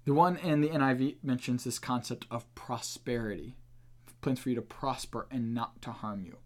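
A man's voice: medium pitch, normal speed. A man hosting a podcast and teaching on the Bible in an earnest, emphatic, casual way.

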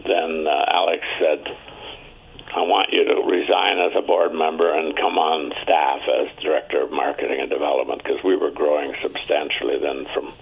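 In a storytelling interview, an Ontario man in his seventies spins anecdotes at a moderate pace with a flat delivery, voicing the people he quotes. He sounds very deep, husky and gravelly through a tinny phone line.

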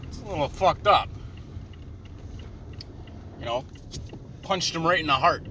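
A man's voice: fairly high pitch, expressive, unhurried, sharp tone. A young man rambling in a sardonic, profane, meandering way while he drives, talking to a camera in his car. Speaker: vlogger. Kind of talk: rambling casual monologue while driving. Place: inside a car on the road. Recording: road and engine noise.

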